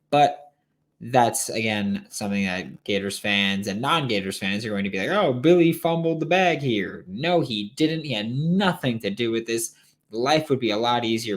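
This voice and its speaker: Tired, opinionated sports podcast man. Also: lowish voice. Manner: opinionated, emphatic, rambling asides. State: tired late at night. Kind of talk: solo sports podcast talk.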